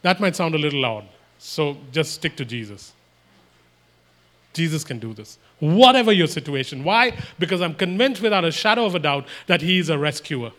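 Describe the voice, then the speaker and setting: A man's voice: fairly high pitch, expressive, moderate pace, fairly bright tone. A man preaching a sermon, emphatic and repetitive, acting out imagined everyday exchanges.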